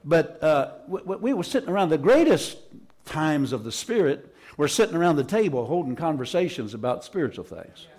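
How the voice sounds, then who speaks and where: Man, pastor, fervent sermon, emphatic repetition, higher-pitched voice. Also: very animated, brisk, a little mellow. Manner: fervent, emphatic preaching with repeated phrases. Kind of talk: Pentecostal sermon. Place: church service.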